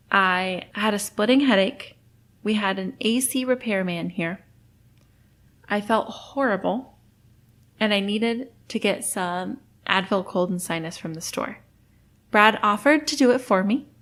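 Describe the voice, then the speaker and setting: Candid encouraging woman podcast host. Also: mid-range voice. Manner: candid, encouraging, laughs often. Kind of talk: solo podcast talk.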